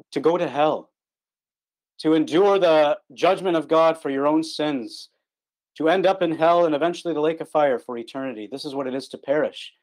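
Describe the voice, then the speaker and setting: A man with a fairly high voice preaches a gospel sermon to listeners on an online call. He is earnest and emphatic, hammering home key words through repetition. His pitch swings between lifted stresses and low, quiet drops.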